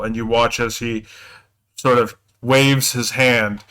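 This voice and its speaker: Man game master, bright tone, hesitant, lots of fillers and self-corrections. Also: mid-range voice, level tone, slow pace, clean tone, poor audio. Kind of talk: narrating a tabletop game.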